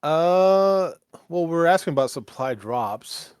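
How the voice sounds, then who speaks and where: A man's voice: fairly high pitch, lively intonation, takes it slowly, clear, resonant tone, dry recording, studio quality. A man playing a tabletop game who jokes and laughs easily while asking the game's questions. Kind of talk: casual tabletop game play.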